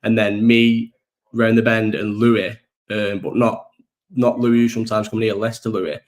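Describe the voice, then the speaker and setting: A man's voice: on the low side, little pitch movement, normal speed. A young man hosting a casual live-stream chat, rambling through stories with lots of swearing and frequent laughter.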